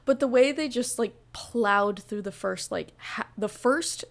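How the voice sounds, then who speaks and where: A woman's voice: a little high, unhurried, gravelly, hardly any pauses. A young woman guest on a casual book podcast, rambling and blunt, with constant "like" fillers. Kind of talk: casual book review chat.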